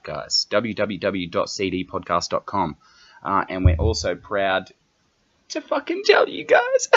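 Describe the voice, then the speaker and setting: A man's voice: deep voice, a bit bright, dull audio. A young Australian man hosting a solo comedy podcast, rambling and swearing constantly in a brash, offhand way. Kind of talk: profane solo podcast rant.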